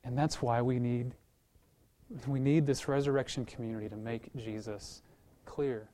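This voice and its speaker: A male pastor preaching a sermon in a conversational way, telling a story with lively acted-out voices and repeating words as he restarts, then praying. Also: mid-range voice, moderate pace. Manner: animated storytelling, acts out quoted voices.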